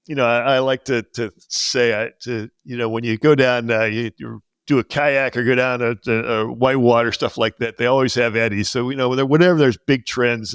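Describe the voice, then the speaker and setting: A man's voice: medium pitch, smooth, no echo. Businessman guest from West Virginia, middle-aged, rambling storyteller, dry sound. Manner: animated anecdote teller, many fillers. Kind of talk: storytelling in interview.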